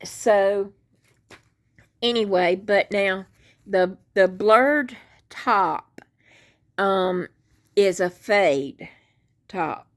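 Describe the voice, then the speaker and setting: Slow-talking woman, folksy and rambling. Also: medium pitch. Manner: rambling, folksy, self-deprecating. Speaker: crochet vlogger. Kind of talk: casual chat to viewers. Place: in bed at home. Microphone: handheld phone.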